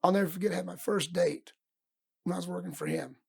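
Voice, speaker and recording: A man's voice: high-pitched, quick pace. A middle-aged man, a wrestling coach, telling stories from his youth in a podcast interview and acting out his old coaches' words. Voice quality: gravelly, husky voice. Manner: animated storyteller acting out his coaches' lines. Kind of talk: storytelling in casual interview.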